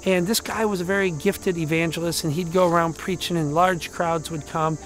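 A man pastor giving a conversational sermon, telling stories, swinging from loud emphasis to hushed lines. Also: on the high side, steady tone, normal speed.

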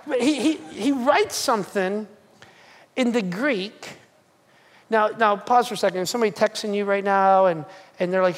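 A pastor preaching a sermon, telling the story behind a scripture passage in an animated, casual way, acting out what the writer says and adding jokey asides to the congregation. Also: medium pitch, a little slow. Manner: animated, acts out quoted lines in a casual storytelling way. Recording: long reverb of a large hall.

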